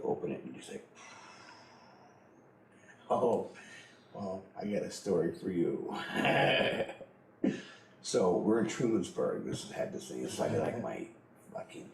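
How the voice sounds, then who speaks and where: Middle-aged man, blunt crude storyteller, swooping lively pitch, roomy room sound. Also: normal speed, gravelly, pauses often, a little hiss or hum. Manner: blunt, profane, laughs through his own story. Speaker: interviewee. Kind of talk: candid personal storytelling.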